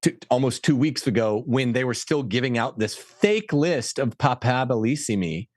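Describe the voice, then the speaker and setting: A man speaking as a guest commentator on church affairs, talking fast and insistently in opinionated podcast style. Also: mid-range voice, expressive, a little mellow, dry recording, studio quality. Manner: emphatic, rapid, insistent.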